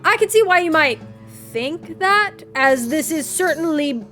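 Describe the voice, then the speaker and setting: A woman voicing a creepy, grinning, hunched male innkeeper in a comedy western game, with a slight lisp and odd emphasis, drawling slowly and then jumping high in pitch. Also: lively intonation, sharp tone, soft background music, heavily acted. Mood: sinister. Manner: slow, sing-song with sudden high jumps.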